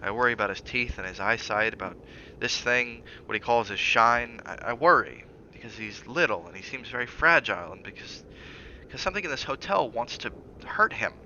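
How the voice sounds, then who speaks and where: Man playing an anxious young wife, pleading, low voice, faint hiss. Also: fairly quick, lo-fi sound. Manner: urgent, rising when pleading, hushed when soft.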